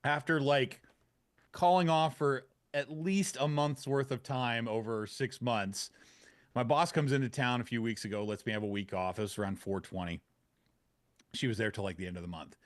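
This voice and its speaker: A man co-hosting a podcast in easygoing casual chat, thinking out loud as he goes. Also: medium pitch, steady tone, normal speed. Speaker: podcast co-host.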